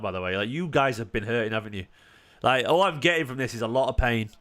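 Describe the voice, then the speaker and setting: A man's voice: mid-range voice, expressive, fast, hardly any pauses, a bit bright. Football streamer guy snapping back at chat, sarcastic, keeps saying mate, mutters then flares up. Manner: defensive and sarcastic, arguing with chat. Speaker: football fan streamer hosting a watchalong. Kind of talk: live-stream match commentary and chat replies.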